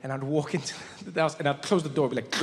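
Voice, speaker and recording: On stage in a large hall, a male stand-up comedian tells a story in a voice that's on the high side and fast, getting animated and slipping into different voices.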